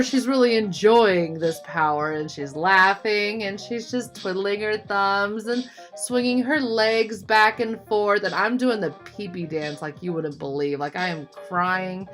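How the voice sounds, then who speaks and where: A woman vlogger telling a childhood story in a chatty, animated way, with lots of "like" and "you know". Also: mid-range voice. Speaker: art vlogger. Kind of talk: casual storytelling.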